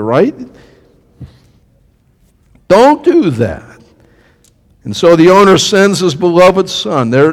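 A high-voiced man preaches with a lot of movement in his pitch, swinging from hushed lines to sudden cries. He acts out the voices in the story and throws questions to his listeners. The sound carries a long reverb, as from a big hall. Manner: animated, acts out quotes, asks the congregation questions. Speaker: pastor. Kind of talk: sermon.

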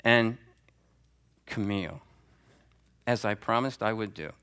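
A man teaching a Sunday school class, talking conversationally and calling on students by name, with lively swings in pitch for emphasis. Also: takes it slowly, clean tone. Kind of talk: teaching sermon. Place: church classroom before a group.

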